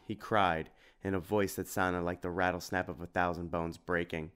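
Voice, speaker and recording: A man narrating an audiobook in a lively, dramatic reading style. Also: low-pitched, normal speed, hardly any pauses, clear, resonant tone.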